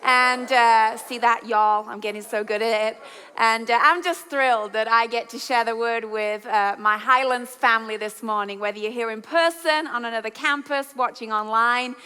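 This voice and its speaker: A woman's voice: on the high side, steady tone, moderate pace, pushed and bright, clear, resonant tone. A woman with an English accent preaching to a church congregation, playful and teasing as she talks to the crowd. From England. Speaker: guest preacher on the leadership team. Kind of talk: sermon. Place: large church auditorium. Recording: reverberant church hall.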